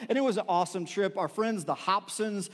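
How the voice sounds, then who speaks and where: A man's voice: high voice, brisk, big-room sound. A man preaching a sermon in a conversational, storytelling way, with filler words and restarts. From Texas. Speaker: pastor.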